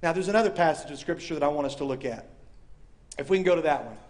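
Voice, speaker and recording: A man preaching a sermon to a live audience, animated and acting out voices, swinging from loud to hushed. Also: a little high, fast. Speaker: speaker. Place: university chapel or hall with audience.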